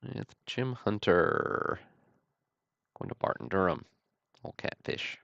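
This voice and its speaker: Deep gravelly man, slow and dull-toned. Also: dry recording. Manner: steady, matter-of-fact listing with dry self-deprecating asides. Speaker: host of a card-break livestream. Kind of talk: calling out trading cards on a livestream.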